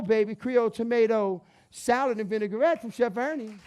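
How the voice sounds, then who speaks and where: A man's voice: very high-pitched, normal speed, a little mellow, smooth. A man hosting a cooking demonstration, upbeat and chatty, calling his audience "guys" and "baby". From New Orleans area, Louisiana. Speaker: chef hosting a cooking show.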